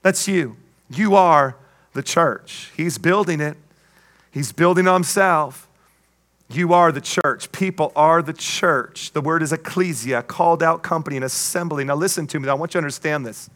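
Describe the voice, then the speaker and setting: A male pastor delivers a sermon in a high-pitched voice with an emphatic, call-and-response rhythm. His tone is bright and forceful, and he breaks in with playful jokes and asides between points. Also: normal speed.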